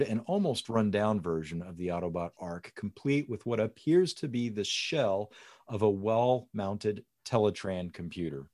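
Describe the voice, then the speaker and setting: A man reading comic script panel descriptions aloud in a lively way. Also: on the low side. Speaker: script reader.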